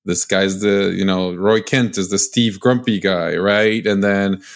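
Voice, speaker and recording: A man speaking as a podcast guest in casual chat, halting with frequent restarts and fillers. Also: low-pitched, fairly even intonation.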